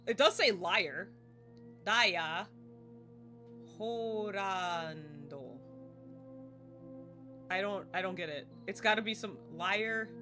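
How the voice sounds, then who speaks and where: A young woman streaming a game live, chatting excitably, laughing and swearing casually as she plays. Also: lowish voice. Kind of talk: live gameplay commentary. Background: faint game music.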